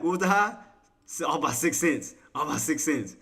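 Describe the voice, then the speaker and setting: A man streaming live trading commentary, coaxing and trash-talking the chart, shifting between low muttering and loud playful outbursts. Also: brisk. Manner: coaxes and taunts the price chart, swinging from muttering to loud outbursts; playful trash talk with laughter.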